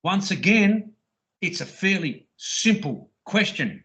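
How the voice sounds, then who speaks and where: On a call, a man with a high, sing-song, fairly bright voice slowly rambles through a police stop. He is crude and insistent, mocking the officer's lines.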